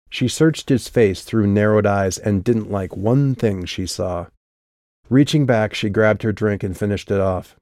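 A man reads an audiobook in a steady, measured way, his voice lowish. The scripted narration is recorded dry, with studio quality.

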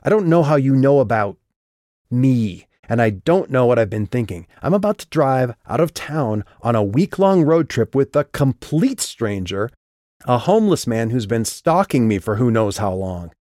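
Audiobook figure: a tense, sharp-tongued young woman, as a male reader puts her on, pitched well above the reader's deep voice. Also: very animated, moderate pace, no room sound, clean studio sound, lightly acted. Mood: upset.

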